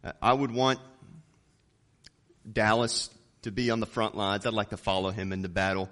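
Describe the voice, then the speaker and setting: A man preaches and reads from scripture at normal speed, his intonation fairly even overall. Even so, he builds to loud, emphatic peaks before going low on key words.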